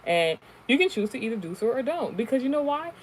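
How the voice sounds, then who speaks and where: A woman telling a spiritual story to her stream in a casual monologue, animated and profane, with lots of fillers and laughs. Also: on the high side, quick pace, slight background noise, rough recording. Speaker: spiritual reader.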